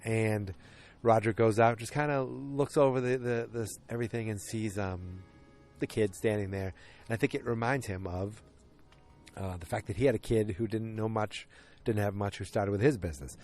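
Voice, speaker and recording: A man's voice: fairly low pitch, normal speed, soft background music. A man hosting a solo podcast, recapping episodes in a loose, rambling way and often correcting himself mid-sentence. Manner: rambling, frequent self-corrections and restarts; animated when retelling scenes. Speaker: podcast host.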